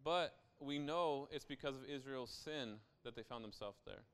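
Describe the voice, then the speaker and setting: Young male pastor, very clear resonant voice, casual conversational sermon with frequent asides. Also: medium pitch, moderate pace, a bit bright.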